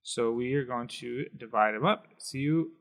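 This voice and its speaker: A man's voice: mid-range voice, fairly even intonation, moderate pace, fairly bright tone. A man teaching a Spanish lesson on video, explaining with emphasis and sounding out words syllable by syllable.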